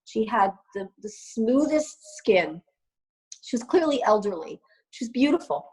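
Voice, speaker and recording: A woman's voice: a little high, measured pace, slightly rough, poor audio. A woman in her fifties, a co-host, telling personal stories in a casual conversation and often restarting her sentences. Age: 50s. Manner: animated anecdote-telling with frequent restarts. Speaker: co-host, lawyer and columnist.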